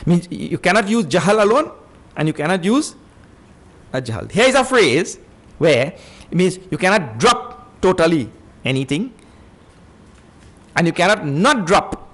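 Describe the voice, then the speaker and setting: A man's voice: sits high, normal speed, long pauses. A man teaching scripture in a lecture, repeating key points and acting out stories. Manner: animated teaching with acted-out stories.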